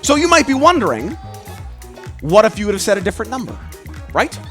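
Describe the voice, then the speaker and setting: High-voiced energetic stage mentalist man. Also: soft background music. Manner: energetic, rapid number-calling to an audience. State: out of breath. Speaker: mentalist performer. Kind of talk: live stage show patter. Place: cruise ship show venue.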